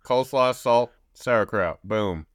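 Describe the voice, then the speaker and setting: A man's voice: on the low side, slow pace, no echo, studio quality. A man co-hosting a casual podcast, given to profane, heated little rants. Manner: profane, ranting. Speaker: podcast co-host. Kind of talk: casual chat.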